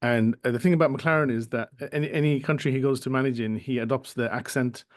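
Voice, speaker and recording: Chatty Birmingham podcast host, dry sound. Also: male voice, mid-range voice, fairly even intonation, fast talker, no echo. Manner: chatty, with filler-heavy tangents. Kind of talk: casual football chat.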